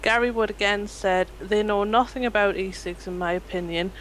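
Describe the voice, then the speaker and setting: A woman's voice: mid-range voice, steady tone, normal speed, a bit bright, poor audio. A woman with a mid-range voice works through live chat comments one by one, matter-of-fact with a touch of amusement. There is faint noise beneath her voice. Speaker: chat reader.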